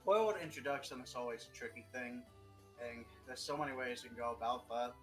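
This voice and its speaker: A man's voice: medium pitch, fairly quick, fairly bright tone, soft background music, low-quality recording. A young man chatting as a guest on a writing stream, rambling, joking and swearing freely. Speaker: guest writer. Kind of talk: casual chat.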